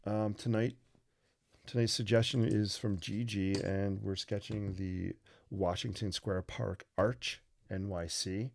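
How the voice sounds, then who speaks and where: A man's voice: fairly low pitch, fairly even intonation, takes it slowly, creaky, a little mellow, a little hiss or hum. A man hosting a live drawing stream, chatting casually and playfully with viewers and making puns as he sketches.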